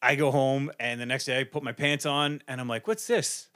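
A man's voice: mid-range voice, level tone, fairly quick, pushed and bright, dry recording, clean studio sound. A man, a comedian, chatting animatedly on a podcast, swearing freely and laughing a lot. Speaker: comedian and show producer, podcast co-host. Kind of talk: casual chat.

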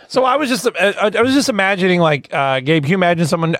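A man's voice: high-pitched, fast talker, no echo, clean studio sound. A man co-hosting a comedy podcast, telling stories in casual chat and laughing often. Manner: animated storyteller, laughs often. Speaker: podcast co-host.

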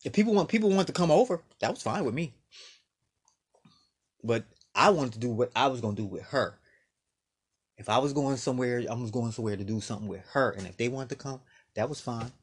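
A man in a casual late-night monologue, an animated storyteller who acts out bits of dialogue. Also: mid-range voice, a little fast, pauses often, husky.

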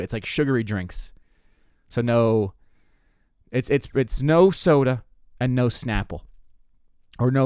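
A man's voice: medium pitch, darkish tone, smooth, no room sound. A young man in his twenties talks through a comic monologue. He swears freely, restarts his sentences and mocks himself, in an ordinary mid-range voice. The sound is dry and close, with no room around it. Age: 20s. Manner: rambling, profane, self-mocking storytelling with frequent restarts. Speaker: comedian podcast host. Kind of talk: casual comedic monologue.

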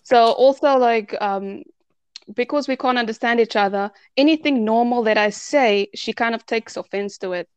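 A woman's voice: fairly high pitch, normal speed, smooth, no room sound, lo-fi sound. A young adult woman with a South African accent, from Cape Town, chatting casually as a podcast guest and telling stories with easy laughs.

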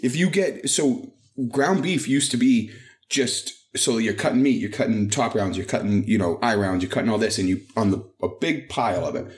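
A man's voice: on the low side, moderate pace. A man in his thirties, co-hosting a casual podcast, telling profane work stories and acting out what people said. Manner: profane storytelling, animated retellings. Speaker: podcast co-host. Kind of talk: casual chat.

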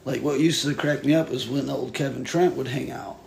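A man's voice: medium pitch, a little fast, vocal fry, slight background noise. A man hosting a casual podcast chat, talking loosely and swearing now and then. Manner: animated, swears, slips into joking put-on accents.

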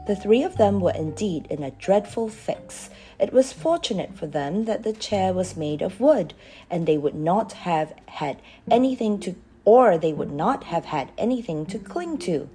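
Storyteller woman, mellow and expressive, lively pitch, faint music underneath. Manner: expressive, measured. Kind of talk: storybook reading aloud.

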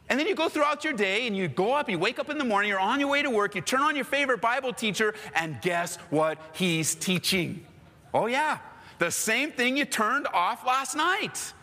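A male pastor preaching a sermon in an animated, conversational storytelling manner. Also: very high voice, moderate pace, long reverb tail.

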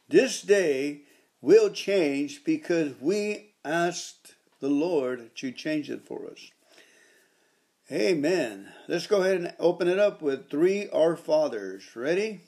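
A man's voice: on the high side, expressive, takes it slowly, a little mellow. A man hosting a devotional podcast, leading repeated prayers and reading aloud with fervent, repetitive exhortation.

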